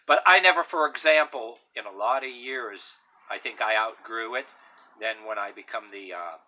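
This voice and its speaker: Rambling, blunt man with a bright voice. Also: medium pitch, normal speed, low-quality recording. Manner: rambling, with many fillers and restarts; blunt and emphatic, swearing now and then. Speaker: vlogger giving opinions. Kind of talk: casual opinion monologue.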